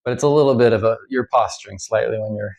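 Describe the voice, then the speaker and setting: A man, a violinist, musing in a casual monologue, hesitant and full of pauses and fillers. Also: fairly low pitch, fairly even intonation, creaky, darkish tone, rough recording. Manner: slow, hesitant, many ums and uhs. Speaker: violinist vlogger.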